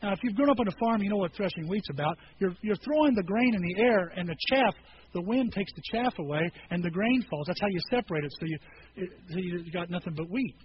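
A male pastor delivers a casual, animated sermon, often slipping into quoted voices to act out the scripture. His voice sits high and moves through a wide, lively range. The recording is a bit dull, with faint noise underneath. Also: fast. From rural farm upbringing.

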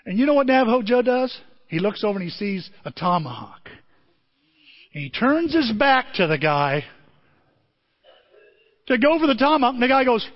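A high-pitched, lively male preacher tells his story with big swings of voice and sudden shouts. His voice rings in a large hall with a long echo, and the recording sounds dull and lo-fi. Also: measured pace, long pauses. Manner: animated storytelling, shouting out in excitement. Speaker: pastor. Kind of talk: sermon. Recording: dull lo-fi audio in a reverberant hall.

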